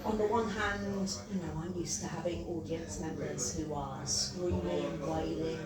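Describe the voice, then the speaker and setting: A woman doing a stand-up comedy set in a pub, chatty and self-mocking, with quick asides. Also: sits low, over a noisy crowd. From Wales. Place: pub comedy gig with a live audience. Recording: roomy live mic from a distance, audience laughter.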